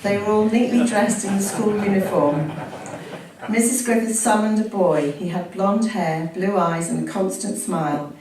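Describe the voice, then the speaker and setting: A woman's voice: medium pitch, moderate pace, a little mellow. A woman reads a story aloud from a book, breaking off now and then to chat, laugh and correct herself. Her voice is in a middle range for a woman. She is heard from some distance in a very echoey room, over a faint background hum. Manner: chatty, with laughs and self-corrections. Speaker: reader sharing a family story.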